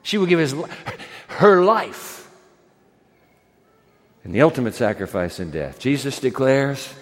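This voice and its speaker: A man preaching a sermon as pastor, telling stories dramatically and dropping to soft, emphatic asides. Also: mid-range voice, big pitch swings, a little slow, long pauses, long reverb tail.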